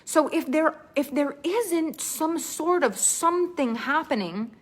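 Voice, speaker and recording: A woman with a bright, high voice leads a live online storytelling workshop. She talks in an animated, expressive way and breaks into laughter easily. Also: slow pace, a little hiss or hum. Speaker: storytelling coach.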